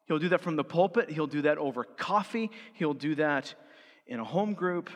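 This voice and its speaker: A man's voice: a little high, normal speed. A man preaching a sermon as pastor, driving his points home with firm stresses. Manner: emphatic, rising to forceful stresses. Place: church sanctuary. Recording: church hall with long reverb.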